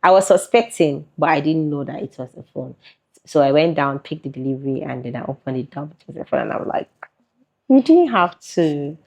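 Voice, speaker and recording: On a muffled, lo-fi recording, a content creator with a Nigerian accent is interviewed in a casual chat, laughing frequently. She talks fast in a low, gravelly, slightly mellow voice.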